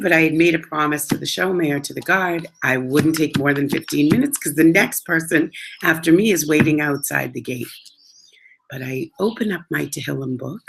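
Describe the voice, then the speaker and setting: A woman casually telling a personal story in an animated, chatty way, dropping in Hebrew religious words. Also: sits low, fairly quick, vocal fry, background noise.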